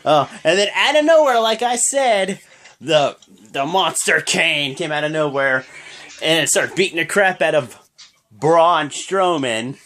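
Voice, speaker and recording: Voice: mid-range voice, expressive, a little slow, fairly bright tone. A vlogger giving a loose, chatty recap of a wrestling show, full of fillers and restarts. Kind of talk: casual spoken recap.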